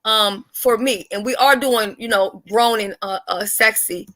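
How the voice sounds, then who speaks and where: A woman hosting a casual live-stream chat, blunt, profane and animated. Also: a little high, unhurried. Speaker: livestream host.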